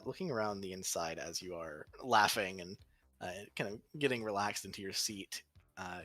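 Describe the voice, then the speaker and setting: A man narrating a tabletop game as game master, unhurried, with frequent fillers. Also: fairly low pitch, fairly bright tone.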